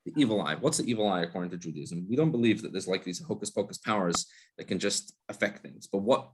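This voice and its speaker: A man's voice: deep voice, expressive, fast, background noise. A man, a rabbi, giving a casual spoken class who explains step by step, asks and answers his own questions, and often restarts his words. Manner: frequent restarts and repeated words.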